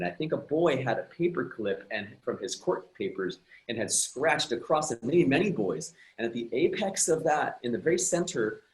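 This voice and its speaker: A man's voice: medium pitch, low-quality recording. A man speaking as a guest coach who tells a personal story earnestly and reflectively, often restarting his sentences. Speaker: guest, emotional and relationship coach.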